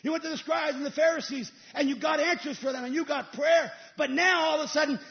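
A male evangelist preaching a sermon, telling stories and rising into emphatic shouted peaks. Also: extremely high pitch, fairly even intonation, fast, vocal fry, lo-fi sound.

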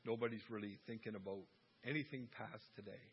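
This middle-aged Christian family-life speaker has a lowish, husky voice, fairly even intonation, and a brisk pace. He talks informally about faith and raising kids, spinning warm anecdotes and poking fun at himself. The audio is dull and lo-fi.

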